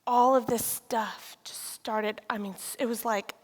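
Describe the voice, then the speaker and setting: A woman giving a personal testimony, telling her story in a lively way and acting out conversations. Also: a little high, unhurried. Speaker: speaker sharing a personal testimony. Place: church sanctuary. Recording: reverberant hall.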